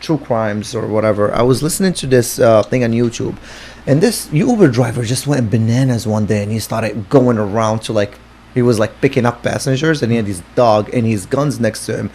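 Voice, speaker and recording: A man co-hosting a podcast, asking a guest questions in relaxed casual chat. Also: mid-range voice, fairly quick, slight background noise.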